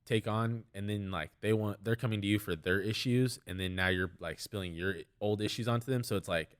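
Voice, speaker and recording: A man's voice: lowish voice, steady tone, fairly quick, smooth. A man, an MMA fighter and trainer, talking as a podcast guest in a rambling, storytelling way full of "like" fillers. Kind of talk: casual podcast conversation.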